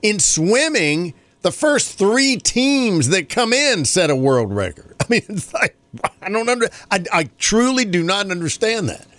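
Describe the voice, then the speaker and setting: A man's voice: high voice, big pitch swings, unhurried, a bit bright, no room sound. A man from North Carolina hosting a morning radio show, chatting casually in a rambling way and laughing often.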